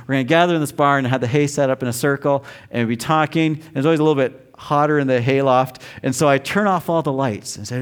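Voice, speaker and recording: Man preaching a sermon, lively storytelling. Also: medium pitch, fast, few pauses, clear, resonant tone. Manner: storytelling, acts out quotes loudly. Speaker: pastor.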